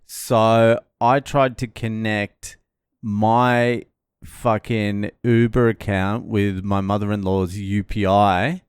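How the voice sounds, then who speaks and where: A man's voice: fairly low pitch, slow, clear, resonant tone, dry recording. A middle-aged man swearing freely as he recounts a stressful arrival in a casual travel vlog. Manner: swearing, animated storytelling. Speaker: vlogger.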